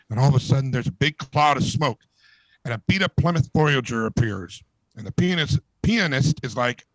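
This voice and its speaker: A man co-hosting a comedy podcast, reading a long joke aloud in an animated storytelling way and laughing at it. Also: mid-range voice, fairly quick, dry recording, low-quality recording. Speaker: podcast co-host.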